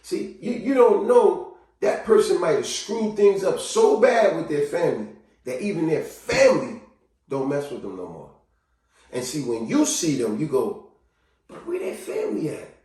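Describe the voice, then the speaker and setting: A man giving a casual motivational talk to camera, animated, acting out cheerful greetings and quiet sad confessions. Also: normal speed, recorded from a distance. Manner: animated, acts out greetings in a higher voice and sad confessions in a low murmur. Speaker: vlogger. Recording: very echoey room, voice from off mic.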